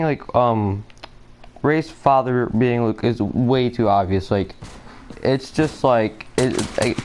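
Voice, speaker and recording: A man's voice: mid-range voice, darkish tone, slight background noise. A man talking through a theory while playing a shooter game, hesitant and distracted, with many fillers and restarts. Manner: distracted, nervous, apologetic. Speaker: gaming video creator.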